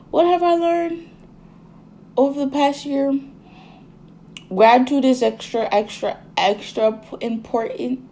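A woman's voice: lowish voice, darkish tone, a little hiss or hum. A woman in her twenties telling a personal story in a casual, chatty way, full of fillers and asides. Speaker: vlogger.

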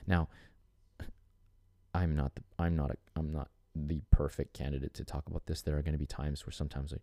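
Very deep-voiced, earnest man podcasting. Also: flat delivery, brisk, warm tone, no room sound, clean studio sound. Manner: earnest, rambling, with frequent restarts and filler. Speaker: podcast host. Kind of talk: reflective solo podcast monologue.

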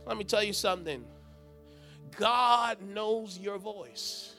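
A man preaching a sermon with passion, swinging between shouts and hushed, low lines. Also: slow, faint music behind.

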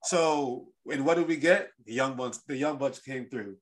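A man hosting a casual sports podcast, telling stories in an animated, rambling way with lots of restarts. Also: medium pitch, moderate pace. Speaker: podcast host.

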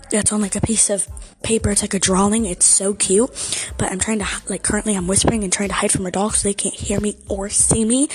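A young woman chatting excitedly and teasing her friend while vlogging, sometimes dropping to a whisper. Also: medium pitch. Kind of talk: casual vlog chatter.

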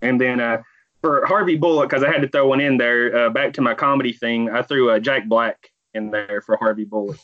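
A man chatting casually on a podcast, relaxed and easygoing with filler words. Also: mid-range voice, a little fast, no room sound, dull audio. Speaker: podcast co-host. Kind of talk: casual chat.

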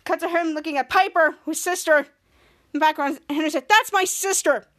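Very high-voiced woman recapping a show. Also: fairly even intonation, a bit bright. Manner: halting, scene-by-scene retelling with restarts. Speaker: podcast host. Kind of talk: casual episode recap.

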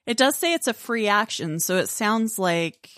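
A woman's voice: medium pitch, animated, moderate pace, a bit bright, no echo, clean studio sound. A woman playing a tabletop game, thinking aloud and working through the rules carefully. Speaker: player.

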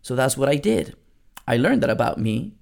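A man's voice: mid-range voice, very animated, moderate pace, vocal fry, a little mellow. A man hosting a motivational podcast on network marketing, talking bluntly and casually, swearing now and then and repeating lines for punch.

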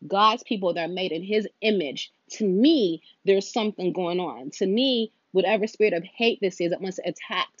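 Emotional woman venting, low voice. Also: brisk, hardly any pauses, no room sound, highs cut off. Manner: heavy, emotional, venting, earnest. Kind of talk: personal monologue.

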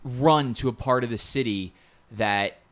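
A man's voice: mid-range voice, a little slow, fairly bright tone. A man in casual chat about video games, rambling and repeating words as he explains.

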